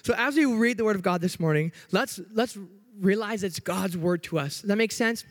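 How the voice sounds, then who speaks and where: Hyper high-voiced young youth pastor. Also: male voice. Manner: hyper, upbeat and joking, trying to slow down. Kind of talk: sermon. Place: church sanctuary.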